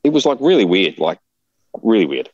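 A man casually telling a rambling, animated travel story, laughing often. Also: low voice, brisk, breathy edge, no room sound, muffled recording.

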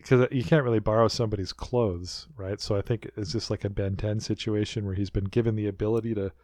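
A man co-hosting a podcast, chatting in a rambling, animated way as he recaps a show. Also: fairly low pitch, fast, no room sound, studio quality. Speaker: podcast co-host. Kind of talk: casual recap chat.

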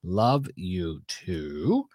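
A man's voice: low voice, very animated, extremely slow, no room sound, clean studio sound. A man hosting a casual livestream show, greeting viewers in the chat by name and joking around. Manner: shouts out viewers, loose and joking.

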